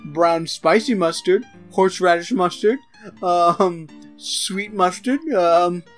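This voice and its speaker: A man's voice: sits high, slow pace, faint music behind. A man co-hosting a casual podcast, telling stories with dry, joking humor. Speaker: podcast co-host.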